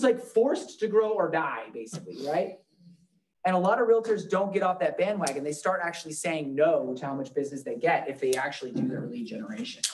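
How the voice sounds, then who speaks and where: A man's voice: high-pitched, distant mic. A man leading a live real estate training class, talking loosely and joking with the room.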